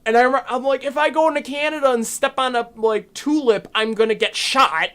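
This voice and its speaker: A man's voice: extremely high pitch, brisk, a bit bright. A man, co-hosting a casual chat and rambling with many ums and restarts. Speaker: podcast co-host.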